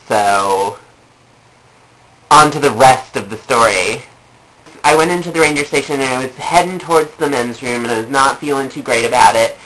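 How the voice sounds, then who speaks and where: A woman's voice: a bass voice, fairly bright tone, rough recording. A young adult woman telling funny personal stories in a rambling way, with many fillers and repeated phrases. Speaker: vlogger. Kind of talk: comedic personal storytelling.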